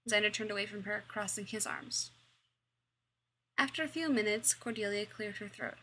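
A woman reading a fan fiction story aloud in a plain, steady way. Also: medium pitch, moderate pace, husky. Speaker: reader.

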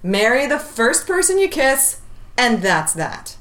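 Brief: woman reading a boisterous dramatic dad in an audiobook, loud and over the top. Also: fairly high pitch, big pitch swings, slow, heavily acted. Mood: ranting. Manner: loud, theatrical, outraged rants. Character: excitable grown man, dramatic dad.

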